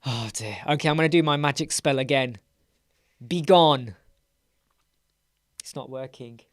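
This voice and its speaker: A man's voice: medium pitch, quick pace, no echo, clean studio sound. An English man hosting a casual live Q&A stream from a room at home, chatty and playful, rambling between questions. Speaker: web design live stream host.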